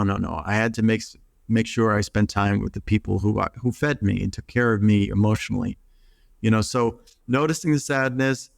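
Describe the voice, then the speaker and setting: A middle-aged man speaks in a middle-pitched voice, earnest and reflective, often restarting his sentences. The sound is close and dry with no room around it. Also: creaky, dry recording. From United States. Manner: earnest, acts out quoted voices, many restarts. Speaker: psychotherapist guest. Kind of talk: reflective interview talk.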